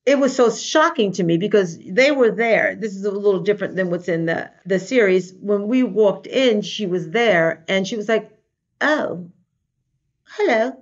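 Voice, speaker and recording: A woman, a life coach, telling an animated story in a casual interview and acting out the voices of the people she quotes. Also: medium pitch, normal speed, few pauses. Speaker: guest, life coach and trainer. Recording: dull lo-fi recording.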